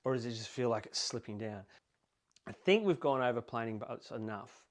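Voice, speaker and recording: A man's voice: mid-range voice, normal speed. A man with an Australian accent, explaining boat handling casually through anecdotes, rambling with fillers and restarts. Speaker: boating instructor.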